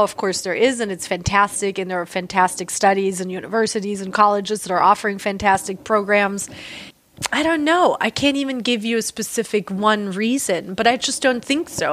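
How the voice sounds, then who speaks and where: A woman in her forties from Germany, speaking candidly and emphatically in a relaxed interview, with frequent fillers. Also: medium pitch. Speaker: interviewee, artist. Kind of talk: casual conversational interview.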